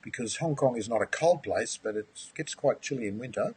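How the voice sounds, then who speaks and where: A man's voice: mid-range voice, lively intonation, a little fast, a little mellow, slight background noise. Enthusiastic man presenting a webinar. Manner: enthusiastic, chatty, uses "mate". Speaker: aquaponics course host.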